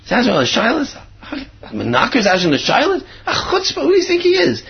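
A man's voice: extremely high pitch, very animated, rapid-fire, husky, voice pushed up, exaggerated voice. Man doing an outraged scolding rabbi. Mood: indignant. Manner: shouting reproach, exclamatory. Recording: dull lo-fi recording.

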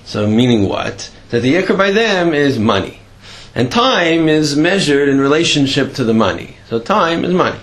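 A man's voice: on the high side, sing-song, normal speed, fairly bright tone. A man giving a Torah class, telling stories and explaining a point, with many fillers and restarts and a voice that jumps up when he stresses something. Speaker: Torah teacher.

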